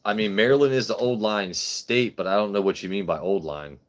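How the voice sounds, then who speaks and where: A man's voice: on the low side, fairly quick. A man hosting a livestream in casual, rambling chat, swearing freely as he talks. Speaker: livestream host.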